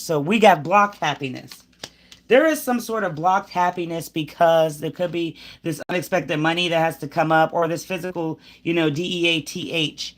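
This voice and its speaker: A woman giving a live tarot reading, talking straight at the viewer in an emphatic, preachy way, rambling with sighs and restarts. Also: fairly low pitch. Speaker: tarot reader. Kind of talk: live tarot reading, spiritual pep talk.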